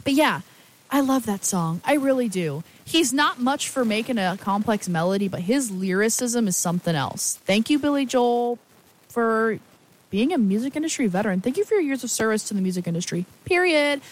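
A woman's voice: a little high, animated, moderate pace, low-quality recording. Chatty, rambling young woman DJ. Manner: rambling, chatty, self-mocking, goes off on tangents. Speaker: radio DJ. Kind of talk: casual on-air chat between songs.

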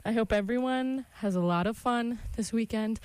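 A woman's voice: a little high, normal speed, a little mellow, clean tone, no echo. A young woman hosting a college radio show, chatting casually and laughing often. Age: young adult. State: out of breath. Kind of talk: casual chat.

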